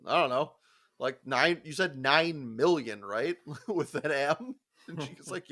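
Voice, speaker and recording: A young man's slightly high voice moves at an ordinary pace as he co-hosts a podcast. He tells animated stories from work, full of swearing and frequent laughs, acting out the quotes.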